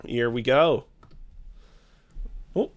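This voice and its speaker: A man's voice: mid-range voice, very slow, lo-fi sound. A man hosting a trivia game show, reading clues with a theatrical, teasing quiz-host delivery.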